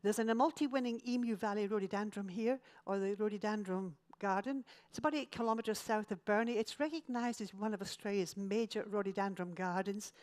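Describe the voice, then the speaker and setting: A woman's voice: mid-range voice, fairly quick, hardly any pauses, darkish tone. A woman from Scotland, giving an illustrated travel lecture with dry, self-mocking jokes.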